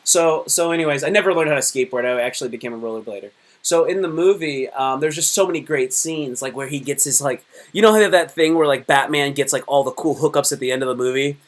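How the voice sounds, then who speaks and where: A man in his thirties hosting a live stream, chatting casually and telling lively stories with many fillers. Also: on the high side, quick pace, few pauses. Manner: animated storyteller, many fillers. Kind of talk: casual chat.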